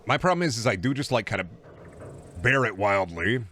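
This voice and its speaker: A man streaming a game, chatting casually with viewers in animated, profane bursts. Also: mid-range voice, a little fast, a little hiss or hum. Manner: animated, swearing, mock-scolding outbursts. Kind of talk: casual gameplay commentary.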